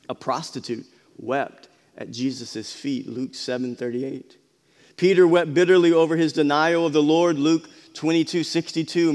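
A man preaching a sermon as pastor, asking the congregation questions and often repeating his words. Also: fairly high pitch. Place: church hall. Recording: long hall reverb.

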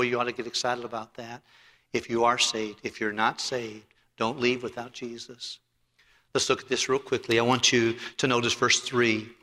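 A man preaching to his congregation in a sermon, with a forceful, cutting tone. He swings from loud emphatic lines to soft, intimate asides, and tells stories along the way. His voice rings out with a long reverb in a large sanctuary. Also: mid-range voice. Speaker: pastor. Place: church sanctuary.

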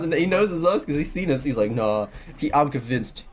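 A man's voice: a little high, animated, brisk, slightly rough. A young man telling a long story in casual chat, rambling, laughing and swearing a lot.

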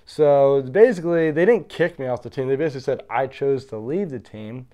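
A man's voice: medium pitch, brisk, highs cut off. A man who fights professionally, casually telling stories from his career and acting out what other people said to him. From Pennsylvania. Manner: animated, acts out the voices of others in his story. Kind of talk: casual storytelling.

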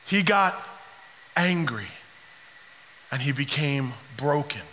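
A man preaching a sermon, swinging between soft, quiet passages and shouted climaxes. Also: fairly high pitch, lively intonation, slow pace, long reverb tail, slight background noise. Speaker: pastor.

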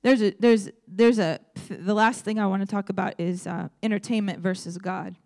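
A woman's voice: mid-range voice, steady tone, normal speed, darkish tone. A young adult woman preaching a sermon in a conversational, storytelling way, speaking directly to her audience.

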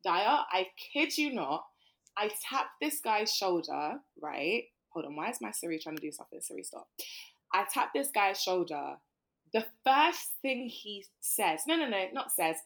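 A woman, co-hosting a podcast and telling a story in casual chat, animated and full of swearing. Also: mid-range voice, a little slow, vocal fry. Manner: animated, swearing, mimics people. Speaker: podcast co-host.

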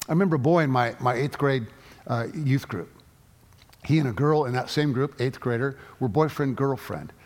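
A middle-aged man preaching a sermon, telling personal stories with halting restarts. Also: mid-range voice, darkish tone. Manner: storytelling, halting with frequent restarts. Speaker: pastor. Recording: long reverb of a large hall.

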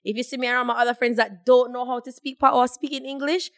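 A woman's voice: fairly high pitch, fairly even intonation, quick pace, dry recording, clean studio sound. A young woman co-hosting a podcast, explaining her views at length in a reflective, casual way. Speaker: podcast co-host. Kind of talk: casual chat.

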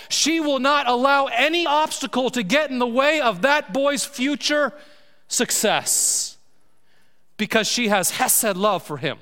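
A man preaching a sermon as pastor, slowing down to stress key words. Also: high voice, sharp tone, long reverb tail. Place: church sanctuary.

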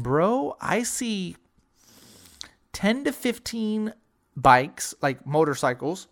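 A young man in his twenties from San Antonio, Texas, telling a wild story in casual, profane chat, jumping into loud, high quoted voices.

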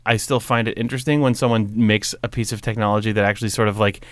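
A man's voice: on the low side, fairly even intonation, fast talker, dry recording. A man co-hosting a casual chat, musing wryly and trailing off mid-thought.

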